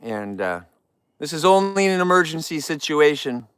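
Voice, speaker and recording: A man's voice: fairly high pitch, very animated, moderate pace, a bit bright, clean tone, no room sound. A man hosting a casual live vlog outdoors, talking straight to viewers in an upbeat, rambling way. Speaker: outdoor livestream host. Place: outdoors in the wild.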